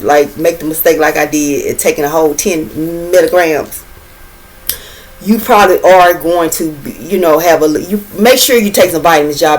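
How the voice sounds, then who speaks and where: A woman's voice: on the low side, low-quality recording. Chatty, profane middle-aged woman vlogger. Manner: chatty, profane, loose slang with constant "you know what I'm saying". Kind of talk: casual storytime chat.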